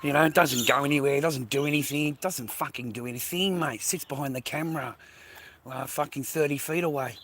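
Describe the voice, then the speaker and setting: A man's voice: medium pitch, brisk, fairly bright tone. A middle-aged Australian man rambling in a casual, profane monologue to camera outdoors by the water. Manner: profane, rambling, slangy, repeats himself. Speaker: vlogger.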